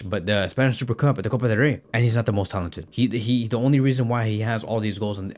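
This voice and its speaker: An impassioned man with a lowish voice argues his football case straight into a close mic. He pushes hard, circles back on his own words and hammers each point again. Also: a little mellow. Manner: impassioned, emphatic, repeats words. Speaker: football commentator. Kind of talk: passionate opinion monologue.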